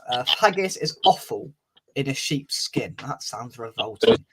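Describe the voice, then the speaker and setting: A man's voice: mid-range voice, animated, normal speed, background noise. A man hosting a casual fan live stream, chatting, reading out viewer comments and laughing easily. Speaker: fan channel host.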